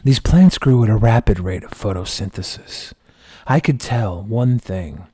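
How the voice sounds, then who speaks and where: A man streaming who tells a comic story with mock-dramatic, slow deadpan delivery. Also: lowish voice, breathy edge, no echo.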